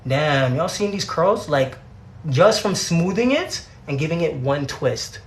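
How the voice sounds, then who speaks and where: During a hair tutorial livestream, a young Canadian man with a Canadian accent chats casually, laid-back and slangy, repeating his words. His voice is on the high side, expressive, and a little slow. The room sounds echoey.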